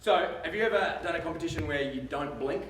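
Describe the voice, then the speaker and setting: Speaking live to students, an Australian man in his twenties is playful and animated, drawing out words for emphasis in a fairly high voice. He talks slightly raised and far from the mic, so his voice echoes through a large theatre with faint room noise in the background.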